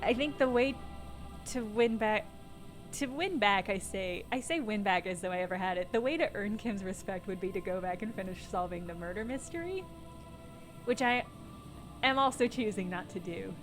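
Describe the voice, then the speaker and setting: A woman streaming a video game live, chatting in a self-mocking, giggly and animated way. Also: mid-range voice, moderate pace, faint music behind.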